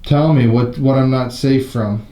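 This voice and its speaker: A man's voice: medium pitch, fairly even intonation, a little slow, mellow. Man taunting a ghost in an echoey room. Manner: confrontational, taunting, swears. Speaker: paranormal investigator. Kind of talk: provoking a ghost during an investigation. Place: inside an old historic building at night.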